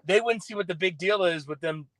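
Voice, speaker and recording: A man from the US South giving animated, opinionated takes as a guest on a casual sports talk show. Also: high-pitched, fairly quick, poor audio. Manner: opinionated, animated, restarts phrases.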